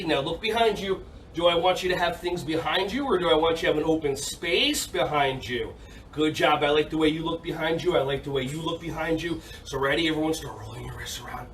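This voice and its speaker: A man leading a kids' yoga and karate class, cheerful and encouraging, repeating his praise and sometimes bursting into shouts. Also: a little high, recorded from a distance, a little hiss or hum. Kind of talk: upbeat kids' class instruction. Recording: echoey room, voice off-mic.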